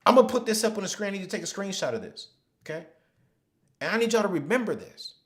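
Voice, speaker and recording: A man hosting a live finance webinar, speaking emphatically and repeating phrases, sometimes dropping to a hushed storytelling voice. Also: high voice, big pitch swings, quick pace. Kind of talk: live motivational money teaching.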